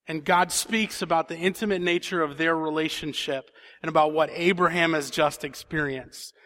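A man's voice: on the high side, steady tone, normal speed, a bit bright. A man preaching a sermon in a church, reading scripture and then building to emphatic questions. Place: church sanctuary.

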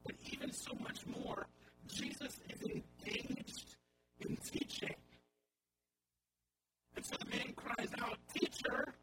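A man's voice: slow pace, long pauses. A male pastor giving a sermon in a conversational style with wry asides, over a recording with hum and noise. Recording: audible hum and background noise.

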